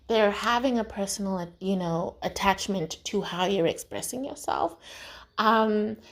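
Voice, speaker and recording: South african woman talking straight on her podcast, swears a lot, keeps going "right?". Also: medium pitch. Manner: frank and profane, rhetorical "right?" tags. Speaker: podcast host. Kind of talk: casual motivational monologue.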